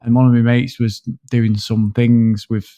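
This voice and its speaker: A man talks through a film in a loose, meandering way, cursing freely and looping back on himself. His voice sits at an ordinary middle pitch. The recording is dry and close, with no room sound. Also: a little slow, clear, resonant tone, no room sound. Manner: rambling, sweary, animated storytelling. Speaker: podcast co-host. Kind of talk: casual film review chat.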